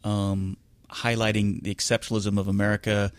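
A man with a lowish voice hosts an interview, asking long, rambling questions in a casual way. His voice is recorded close and dry, with no room echo. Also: little pitch movement, brisk. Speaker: interview host.

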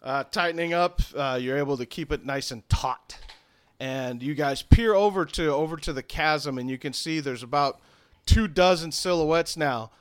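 Male game master, relaxed, joking, conversational narration. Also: a little high, normal speed, smooth. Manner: casual, laughing, loose with profanity.

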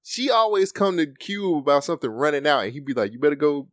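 A man's voice: on the high side, fast, dry recording, clean studio sound. A man co-hosting a podcast, chatting casually about a movie and acting out lines from it. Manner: animated, acts out movie lines in quotes. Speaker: podcast co-host.

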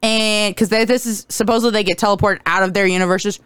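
A woman co-hosting a casual podcast, retelling a movie plot in an animated way and briefly mimicking characters. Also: quick pace, clear, resonant tone, no echo. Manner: animated storyteller, briefly mimics characters with big pitch jumps. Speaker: podcast co-host. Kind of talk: casual chat recapping a movie.

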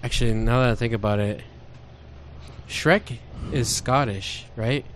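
A man's voice: medium pitch, a little slow, a little hiss or hum. A man visiting a podcast as a musician guest, tossing out goofy wisecracks. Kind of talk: casual chat.

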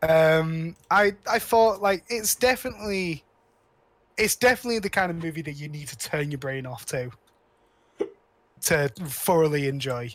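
A man's voice: fairly high pitch, moderate pace, fairly bright tone, no room sound. A man co-hosting a podcast, rambling casually about films with lots of restarts and cheerful swearing. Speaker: podcast co-host. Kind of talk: casual chat.

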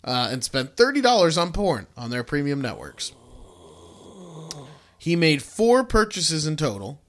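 A man's voice: on the high side, big pitch swings, measured pace, fairly bright tone. A young man co-hosting a crude comedy podcast, reading out a news story and laughing mid-sentence. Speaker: podcast co-host.

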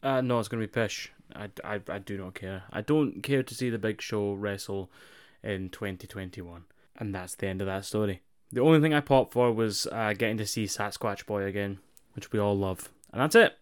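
A man's voice: lowish voice, moderate pace, smooth. A man co-hosting a podcast, giving blunt, sweary takes on wrestling in casual chat. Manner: blunt, sweary, enthusiastic about favourites. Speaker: podcast co-host.

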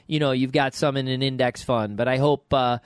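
Lively middle-aged man, dry close sound. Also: medium pitch, brisk, clean tone, no echo. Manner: lively storyteller, animated quotes. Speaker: podcast co-host. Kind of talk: casual podcast chat.

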